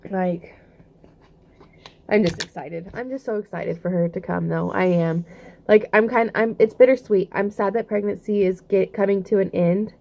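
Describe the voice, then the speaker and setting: A woman's voice: mid-range voice, fairly even intonation, normal speed, gravelly, mellow, a little hiss or hum. A young woman with a Southern US accent, chatting casually in a rambling vlog update, full of fillers and restarts. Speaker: vlogger.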